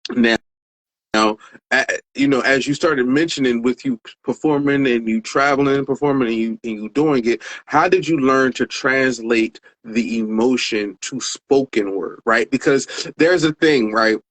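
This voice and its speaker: A man hosts a relaxed interview. He laughs easily, teases his guest, and builds his questions slowly. His voice sounds dry and close, with no room echo. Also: mid-range voice. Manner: playful, laughs often, drawn-out questions. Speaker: podcast host. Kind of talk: casual interview talk.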